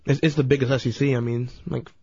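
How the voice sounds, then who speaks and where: A man's voice: medium pitch, fairly even intonation, fast, creaky, darkish tone, no echo, highs cut off. A young man, a helper of a radio show, talking eagerly with the hosts. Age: young adult. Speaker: show helper sent out to do street interviews.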